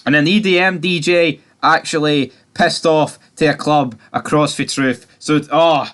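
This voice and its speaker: A man's voice: fairly high pitch, fairly even intonation, measured pace, fairly bright tone. Give me a man recapping a TV series in a casual, sweary, mocking way.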